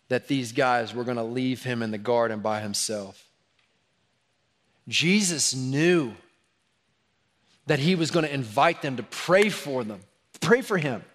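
A man preaching a sermon in a church, animated, acting out sarcastic asides before dropping to a hushed, intense tone. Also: medium pitch, moderate pace. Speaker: pastor. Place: church sanctuary.

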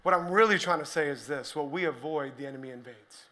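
A man preaching a sermon to a church, joking with the crowd and building up to shouted points. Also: on the high side, quick pace. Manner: energetic, joking, rising to shouted emphasis. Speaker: pastor.

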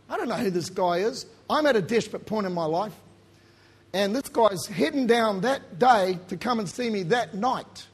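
In an unhurried sermon, a middle-aged man from New Zealand shares his own story as a pastor, with an obvious New Zealand accent. He has a breathy, husky voice, fairly high for a man, and animatedly builds to loud points before falling to quiet asides.

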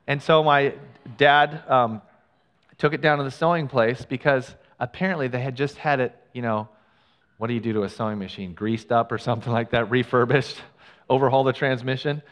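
A man's voice: mid-range voice, a little fast, dull audio. Male pastor preaching in a reverberant hall. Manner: animated storyteller, acts out quoted lines. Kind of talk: storytelling sermon.

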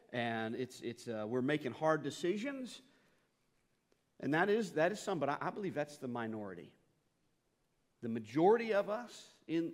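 A male pastor giving a conversational sermon, often repeating words as he restarts sentences and swinging between quiet and loud. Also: fairly high pitch. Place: church sanctuary. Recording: long hall reverb in a church.

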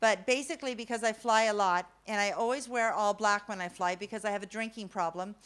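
A middle-aged woman telling a funny personal story to an audience, animated and self-mocking, swinging from loud to hushed. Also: medium pitch, a little fast, smooth.

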